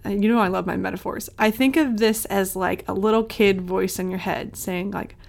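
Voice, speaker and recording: A woman co-hosting a podcast, chatting casually with playful, animated storytelling. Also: medium pitch, moderate pace, creaky. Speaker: podcast co-host.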